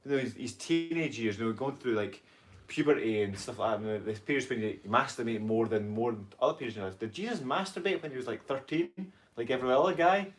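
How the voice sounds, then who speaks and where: A Scottish man co-hosting a casual chat, telling animated stories, acting out quotes and reading out viewer comments. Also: medium pitch, fast. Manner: animated storytelling, acts out quotes, crude jokes.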